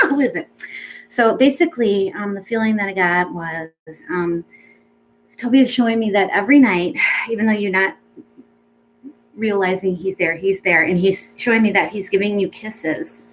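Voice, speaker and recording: A woman speaking as a pet psychic medium in a casual reading, chatty and rambling with many ums, gentle and reassuring. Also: mid-range voice, slight background noise, low-quality recording.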